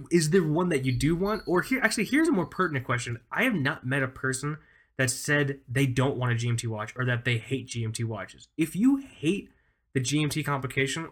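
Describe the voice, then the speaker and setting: A man in his thirties co-hosting a casual podcast, rambling enthusiastically with lots of fillers. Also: mid-range voice. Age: 30s. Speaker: podcast co-host.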